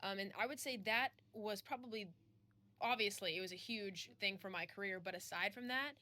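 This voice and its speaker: Young Texan woman, country artist in an interview, bright voice, chatty and bubbly. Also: medium pitch, a little fast. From Texas. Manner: bubbly, laughs often, lots of fillers. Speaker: country music artist, guest. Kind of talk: casual interview chat.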